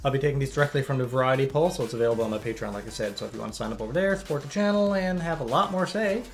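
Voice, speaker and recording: A man's voice: medium pitch, expressive, racing. A man with a Newfoundland accent hosting a reaction channel, chatting casually and upbeat and laughing along often. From Newfoundland, Canada.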